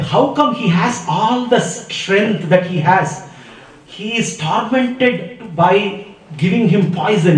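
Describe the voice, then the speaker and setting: A man delivers a devotional discourse, mixing storytelling with chanted verses. His voice sits a little high. He sounds distant from the mic in an echoing room. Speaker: spiritual teacher. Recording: echoey room, mic far off.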